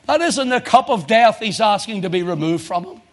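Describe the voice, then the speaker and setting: Fervent preacher man, high-pitched voice. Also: animated, moderate pace. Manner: swings from loud emotional crescendos to low intense tones. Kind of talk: fervent sermon.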